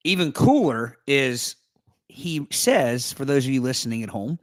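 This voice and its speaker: A man co-hosting a podcast, chatting casually and reading a forum post aloud. He keeps tossing in playful, joking asides. His voice sits at a middle pitch and sounds dry and close, with no room echo. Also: big pitch swings, measured pace. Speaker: podcast co-host. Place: live podcast recording.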